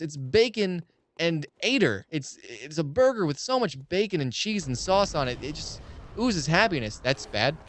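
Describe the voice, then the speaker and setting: A man's voice: on the high side, moderate pace. A young man rambling and swearing freely through casual commentary while playing a game. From United States. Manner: rambling, profane, excitable ranting. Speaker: let's play streamer.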